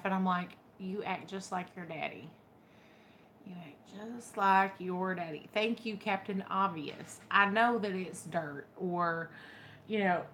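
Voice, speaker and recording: A young woman from Texas speaks in a relaxed, slow drawl, telling chatty stories with a wry edge. Her voice sits at a middling pitch for a woman. A faint background hiss runs under the recording. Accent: Texan. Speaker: vlogger. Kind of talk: casual chat to camera.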